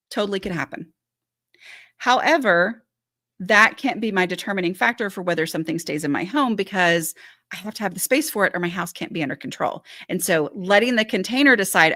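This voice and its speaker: A woman's voice: medium pitch, expressive, a little fast, bright, forceful tone, no room sound, studio quality. A woman hosting a live-stream Q&A, reading out viewer questions and answering them in a chatty, reassuring way with lots of "like" and "um". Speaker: decluttering advice host; former teacher and mother.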